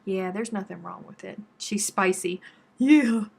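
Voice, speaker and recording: This is a middle-aged woman from Texas who hosts a live crochet stream. She chats casually and answers viewer comments. Her voice is gravelly and slightly husky. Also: medium pitch, measured pace. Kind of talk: casual live-stream chat while crafting.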